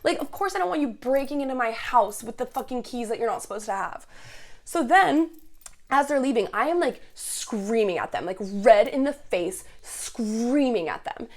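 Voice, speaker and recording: A woman's voice: a little high, normal speed. Heated, swearing woman telling a roommate story. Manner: swears a lot, heated and animated, quotes people as she tells it. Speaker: podcast host. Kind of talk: casual storytelling.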